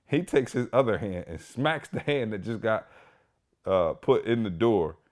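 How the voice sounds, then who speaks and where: Animated storytelling man with lower voice. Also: unhurried. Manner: animated, emphatic, heavy use of "like" and "y'all". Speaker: podcast host. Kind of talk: casual storytelling.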